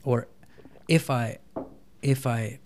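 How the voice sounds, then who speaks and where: A man speaks as a guest on a podcast, with a voice that sits in the middle of the range. He explains his ideas in a lively, conversational way, and now and then acts out what a child or a dad might say. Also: medium pitch, slight background noise. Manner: animated, acts out kids and dad in quick voices. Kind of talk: conversational interview, explaining parenting.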